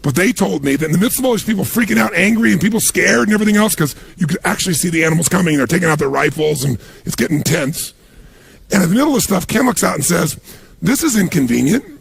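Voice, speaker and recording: A man's voice: high-pitched, expressive, fast talker, creaky, a bit bright, slight background noise. A man giving a motivational talk, telling stories and acting out the voices of the people in them. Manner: storytelling, acts out quoted voices. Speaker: motivational speaker.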